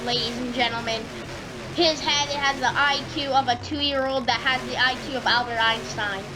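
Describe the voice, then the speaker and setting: A woman narrating a comedy game video in a rambling, hyped, slangy way. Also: high-pitched. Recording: noisy with engine sounds.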